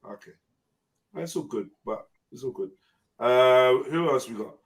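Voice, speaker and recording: A man's voice: mid-range voice, animated, measured pace. A man hosting a live online panel, chatting casually in slang with frequent swearing and laughter over a video call. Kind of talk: casual chat.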